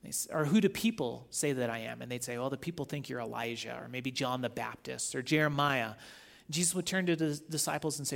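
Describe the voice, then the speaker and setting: A man giving a sermon as guest teacher, reading scripture and retelling stories in a conversational, animated way. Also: a little high, a little fast, creaky.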